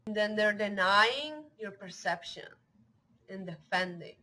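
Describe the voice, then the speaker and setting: A woman's voice: medium pitch, lively intonation, measured pace, sharp tone, low-quality recording. Earnest woman teaching about emotional health. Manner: earnest, lists many example phrases in a row. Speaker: online wellness teacher. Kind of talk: talking-head educational talk.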